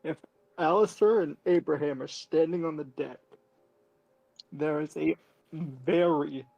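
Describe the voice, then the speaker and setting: A man's voice: a little high, measured pace, gravelly, dark tone, highs cut off. A man playing a tabletop game, speaking hesitantly with many fillers. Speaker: player. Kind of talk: casual tabletop play.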